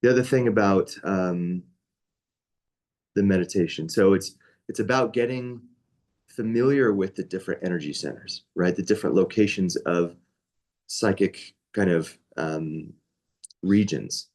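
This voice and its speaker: A young man with a fairly low voice leads a yoga training class. He talks casually and conversationally, stopping often to check in with his students. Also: unhurried, long pauses, a little mellow. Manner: casual, conversational, with many asides and "right?". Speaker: yoga teacher.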